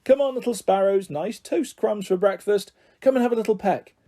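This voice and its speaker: A kindly woman scatters toast crumbs and coos to the garden sparrows, put on by a man reading aloud. Her voice rides high and light, with a warm, breathy softness. She sounds gentle and chatty, a storybook neighbour. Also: moderate pace. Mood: cooing. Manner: coaxing, cooing.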